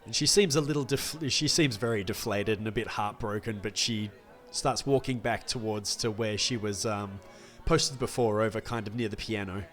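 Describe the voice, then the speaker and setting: A man playing in a tabletop role-playing game, narrating his character's reactions in a slow, descriptive way. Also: on the low side, fairly bright tone. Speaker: player.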